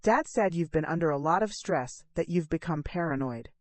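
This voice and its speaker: A woman's voice: low voice, lively intonation, normal speed, no echo. A woman voicing an angry adult son on the phone, with a tight, clipped, accusing manner, in a narrated audio story. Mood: cold.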